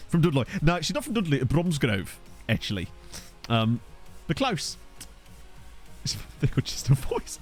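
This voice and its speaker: A young man chatting casually while streaming a game, joking about viewers' names and reading the chat. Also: medium pitch. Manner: jokey, riffing on viewers' names.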